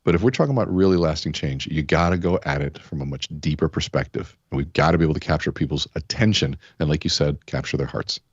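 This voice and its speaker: Talking fast with few pauses, a man with a bass voice and a breathy edge tells stories as a podcast guest; he's also a keynote speaker. The interview is conversational, full of fillers like "you know" and acted-out quotes, and the recording is dry and lo-fi.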